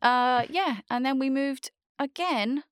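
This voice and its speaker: Young woman with a soft Scottish accent. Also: high-pitched, slow pace, smooth, no room sound. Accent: soft Scottish, Edinburgh-like. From born in Australia, raised between Scotland and Australia. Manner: rambling, candid, swears freely, self-deprecating. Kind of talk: casual chat.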